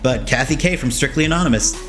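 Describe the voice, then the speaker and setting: Casting note: male podcast co-host, mid-pitched, playful and chatty. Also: quick pace, loud music behind the voice. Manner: joking, rambling with restarts. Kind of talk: casual podcast chat.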